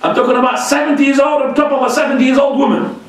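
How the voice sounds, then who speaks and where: Animated preacher in a very echoey hall. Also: male voice, very high-pitched, very fast, recorded from a distance, heavy background noise. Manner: animated, joking, repeats religious exclamations. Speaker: sheikh giving a talk. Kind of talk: informal mosque lecture with questions. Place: large mosque hall.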